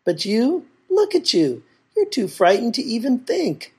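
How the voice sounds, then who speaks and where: A woman's voice: medium pitch, lively intonation, fairly quick, warm tone, husky. A woman voicing a boastful, mocking male fox in a storybook tale. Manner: taunting, gloating.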